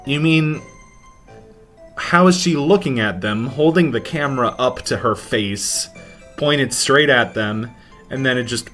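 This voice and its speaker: A man's voice: medium pitch, a little slow, fairly bright tone, soft background music. Sarcastic male let's-play commentator. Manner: sarcastic, mocking. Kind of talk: casual let's-play commentary, reading game lines aloud.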